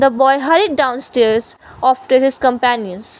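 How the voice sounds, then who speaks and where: High-voiced woman reading a story. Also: moderate pace, rough recording. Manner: steady reading with small slips.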